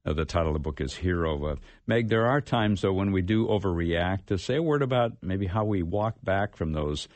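A man hosting an interview, asking questions in a halting way with many fillers. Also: deep voice, expressive, a little mellow, no echo. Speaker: host.

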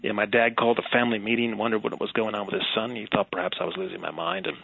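A middle-aged man from Wisconsin, a guest telling his personal testimony in an earnest, reflective way with soft laughs. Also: fairly low pitch, very fast, gravelly, slightly rough, no room sound. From Wisconsin, USA. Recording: tinny phone-like line.

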